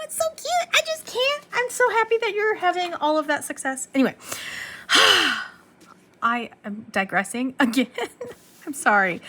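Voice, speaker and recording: A woman's voice: a little high, pushed and bright, a little hiss or hum. A young woman vlogging about her planners in a rambling, self-interrupting casual chat. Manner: scattered, self-interrupting, talks to her dog.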